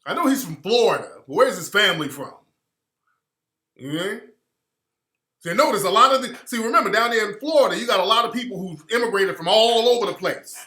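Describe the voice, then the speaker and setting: A man hosts a radio talk show in a loose, slangy, rambling way, often trailing off mid-thought. His voice sits a little high and sounds bright and forward. The room around him is echoey. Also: animated, fairly quick. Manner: slangy, rambling, trails off while looking things up. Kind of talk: casual commentary to listeners.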